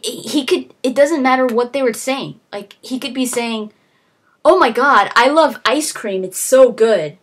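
A woman's voice: mid-range voice, breathy edge. A woman vlogging, ranting casually to camera about what she wants from games, with lots of fillers and restarts. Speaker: gaming vlogger. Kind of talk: casual opinion rant to camera.

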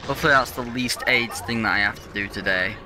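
Frustrated with the controls, a young let's play gamer swears and rants through exasperated commentary on his own gameplay. He's a fast talker with a medium-pitched voice, and music plays in the background.

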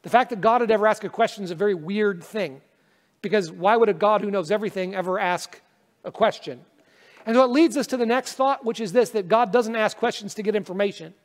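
A man's voice: high voice, a little fast. A male pastor praying and then preaching a sermon in an earnest, conversational way, with self-deprecating humor. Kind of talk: sermon with prayer. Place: church sanctuary. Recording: long reverb of a church hall.

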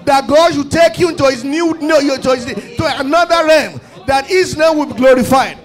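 A man with a Nigerian accent leading a fervent prayer sermon, often shouting and repeating his calls to the congregation. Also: very high voice, normal speed, soft background music. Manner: impassioned, often shouting, repetitive exhortations. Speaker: pastor. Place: church service.

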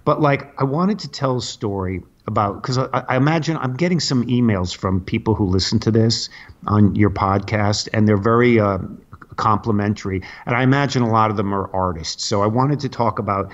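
A man's voice: lowish voice, fairly quick, dull audio. A man in his sixties, a comedian telling show-business stories in a rambling, anecdotal way. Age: 60s. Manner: rambling, anecdotal, acts out others' lines. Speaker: comedian guest. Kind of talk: casual storytelling.

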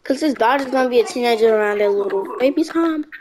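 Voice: medium pitch, fast talker. A gaming host giving casual let's-play commentary, chatting to the game characters and to viewers. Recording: noisy recording with mouse clicks.

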